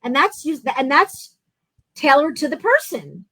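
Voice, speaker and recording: Woman host, high voice, dry close sound, animated storyteller with restarts. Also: measured pace, no room sound, poor audio. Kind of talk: casual interview chat.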